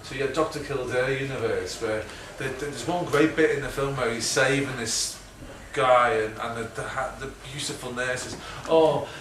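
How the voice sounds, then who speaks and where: A middle-aged man with a Liverpool accent talks through an audience Q&A, rambling and chatty, with frequent laughs and tag questions. He is picked up from a distance in an echoey room. Steady background noise sits under his voice. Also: mid-range voice, normal speed, hardly any pauses. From Liverpool, England. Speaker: guest filmmaker.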